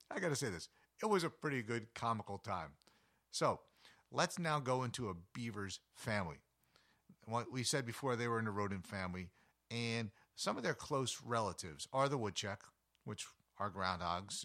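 A man giving an animated, conversational talk about wildlife, full of chatty asides and personal stories. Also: lowish voice. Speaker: wildlife educator. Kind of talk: conversational nature talk with anecdotes.

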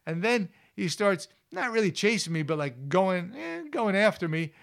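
A man's voice: high voice, big pitch swings, moderate pace, creaky, a bit bright. A man who hosts an outdoor show, telling wildlife anecdotes in a casual, rambling way with plenty of fillers. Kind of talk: anecdotal storytelling.

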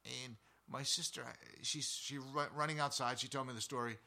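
A man who hosts an outdoor show, telling a story in a casual, animated, rambling way full of side remarks. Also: medium pitch, moderate pace.

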